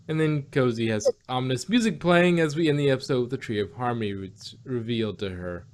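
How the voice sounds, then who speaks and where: A man's voice: medium pitch, a little fast. Rambling man recapping an episode. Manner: rambling, many fillers and self-corrections. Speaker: podcast host reviewing cartoon episodes.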